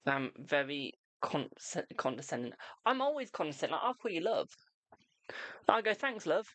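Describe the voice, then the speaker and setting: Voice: medium pitch, big pitch swings, normal speed, fairly bright tone, no room sound. A young adult tarot reader chatting bluntly and casually on a live stream. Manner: blunt, chatty, self-deprecating.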